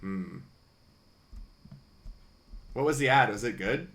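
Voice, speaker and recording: A man streaming a video game live, chatting casually and thinking out loud with wry asides. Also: mid-range voice, moderate pace.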